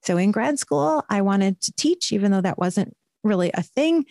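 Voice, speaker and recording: A woman in her forties, a podcast guest, telling a personal story in an earnest, animated way with quick bursts. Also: mid-range voice, creaky, dry recording, studio quality. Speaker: podcast guest, purpose coach. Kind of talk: conversational storytelling.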